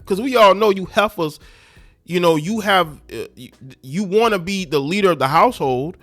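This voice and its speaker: A man's voice: sits high, moderate pace, a bit bright, no room sound, faint music behind. A man hosting a commentary show, ranting scornfully and preaching straight at his listeners. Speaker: commentary channel host. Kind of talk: ranting social media commentary.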